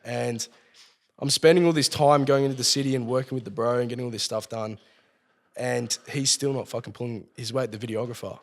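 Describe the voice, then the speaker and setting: Australian man, mid-pitched, loose and profane storyteller, recorded with a long reverb tail. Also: steady tone, brisk. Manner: swears constantly, rambling storytelling. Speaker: podcast guest. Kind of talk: casual storytelling.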